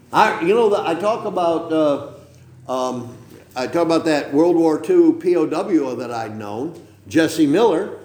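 A man's voice: fairly high pitch, a little mellow. Older preacher man, echoey church. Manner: rambling, emphatic, frequent "okay?" asides. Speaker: pastor. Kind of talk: sermon. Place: church sanctuary.

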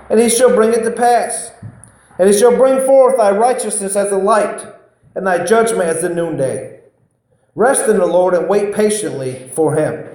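Male preacher, higher voice, folksy storytelling sermon, heavy room echo. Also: darkish tone. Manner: conversational, storytelling, repeats himself. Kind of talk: informal sermon. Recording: very echoey room.

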